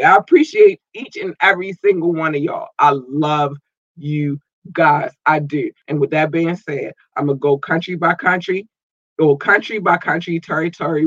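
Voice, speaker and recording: A man hosting a podcast, playfully giving casual shout-outs to his listeners and jumping into high squeals. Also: no room sound, dull audio. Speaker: podcast host.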